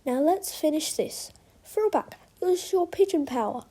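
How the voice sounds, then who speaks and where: A woman voicing a calm older male pigeon who leads the squad, speaking in a steady, commanding way. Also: high-pitched, a little slow, voice pushed up.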